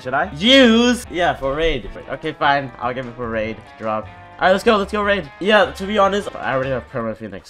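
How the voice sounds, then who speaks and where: A young man talks through a video game in a loose, excitable way, repeating himself and reacting out loud. His voice sits a little high for a man. Faint game music runs underneath. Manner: excitable, exclaims and repeats words, quick reactions. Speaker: gaming YouTuber. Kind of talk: casual gameplay commentary.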